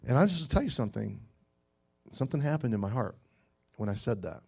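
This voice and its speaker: A middle-aged man preaching a sermon to teenagers, earnest, swinging between loud exhortation and hushed storytelling. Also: mid-range voice, expressive, normal speed, creaky, long pauses. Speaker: youth pastor.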